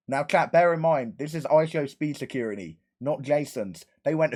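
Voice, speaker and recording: A man, a live streamer telling a casual story to his chat, rambling fast and acting out quoted lines with plenty of swearing. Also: fairly high pitch, darkish tone.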